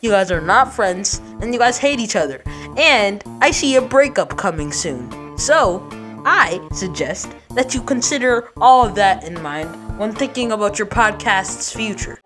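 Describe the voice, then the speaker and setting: A woman voicing a boastful, pompous boy podcaster who taunts his rivals in a brash, lively way. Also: mid-range voice, a little slow, over music, lightly acted.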